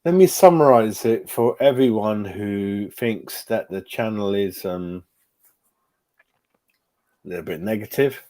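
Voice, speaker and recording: A man's voice: lowish voice, measured pace, pauses often. A man, hosting his own fan channel and reacting live to his chat, swearing a lot. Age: 40s. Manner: sweary, animated, talking to chat.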